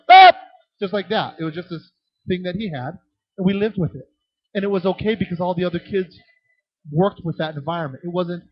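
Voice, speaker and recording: A man's voice: high voice, no echo. A man leading a children's ministry training workshop, answering questions from the audience and acting out voices in his stories. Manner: animated, acts out voices in anecdotes, frequent restarts. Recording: dull lo-fi, dry sound.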